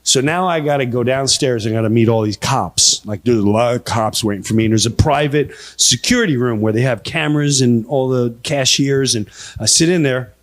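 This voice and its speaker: A middle-aged man telling a story in live stand-up, animated and laughing at his own tale. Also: mid-range voice, fairly quick. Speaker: stand-up comedian.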